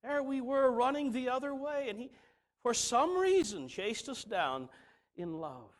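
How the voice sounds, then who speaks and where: A middle-aged man preaching a sermon, swinging from soft asides to emphatic declarations. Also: very high-pitched, sing-song, measured pace.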